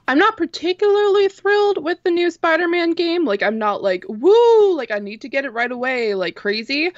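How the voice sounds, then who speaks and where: A woman's voice: on the high side, no room sound. Giggly woman guest on dull audio. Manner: giggly, excitable storyteller. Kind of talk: casual chat.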